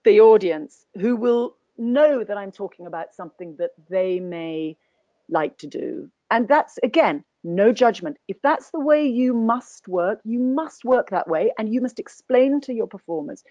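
A woman's voice: mid-range voice, animated, measured pace, mellow, no room sound, muffled recording. A woman guest actor speaking in a conversational webinar interview, thoughtful and anecdotal, often restarting her sentences. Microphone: video call.

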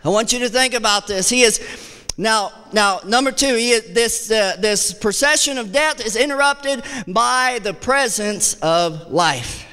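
A man preaching a sermon as associate pastor, with impassioned delivery that repeats phrases and rises to shouts. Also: high-pitched, measured pace, clean tone. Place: church sanctuary. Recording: church hall reverb.

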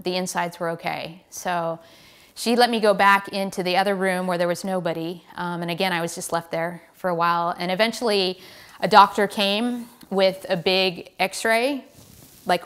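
An American woman, a professional cyclist, telling a story in a casual, animated way and acting out the lines people said to her. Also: lowish voice. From United States. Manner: animated, relives the scene with quoted lines.

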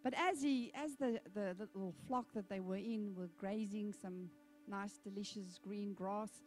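A woman pastor preaching a sermon in an animated, conversational storytelling manner. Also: mid-range voice, a little slow, faint music behind.

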